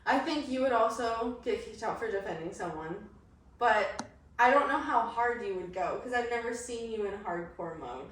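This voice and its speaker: A young woman co-hosts a casual podcast, blunt and quick to swear and laugh. Her voice sits a bit high. She is recorded in a very echoey room, some distance from the mic, with faint noise behind. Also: animated. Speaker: podcast co-host. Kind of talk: casual chat.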